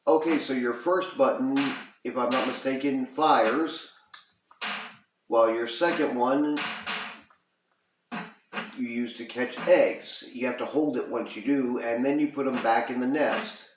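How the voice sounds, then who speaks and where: A man's voice: medium pitch, a little slow, noisy background. A man casually reviewing a retro video game, rambling with lots of ums and uhs. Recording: roomy echo.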